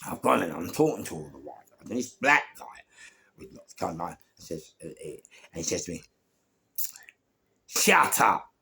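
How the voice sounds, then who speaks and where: A man's voice: low-pitched, big pitch swings, brisk, bright, forceful tone, slight background noise. A man with a London accent telling casual street anecdotes in an emphatic, swearing, streetwise way. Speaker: storyteller. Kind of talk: casual anecdote told to camera.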